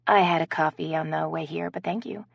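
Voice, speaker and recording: A woman narrator voicing a calm, soft-spoken young female coworker speaking politely in an audiobook. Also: deep voice, fairly quick, vocal fry, dry recording, highs cut off, heavily acted.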